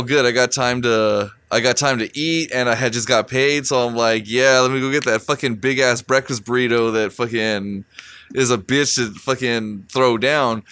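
A man's voice: mid-range voice, a bit bright, clean tone, dry recording. A man telling a crude, funny anecdote in casual chat with friends, swearing often and laughing as he goes. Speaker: storyteller among friends.

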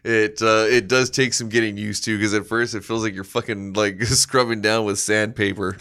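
Brief: male podcast co-host, bright and crisp, rambling and foul-mouthed, laughs constantly. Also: lowish voice, steady tone, normal speed. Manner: laughs often, swears a lot, rambling. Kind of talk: comedic news banter.

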